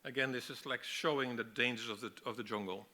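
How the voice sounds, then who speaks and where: A man teaching a masterclass on storyboarding, explaining in a relaxed way with frequent restarts. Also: medium pitch, brisk. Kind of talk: lecture on storyboarding.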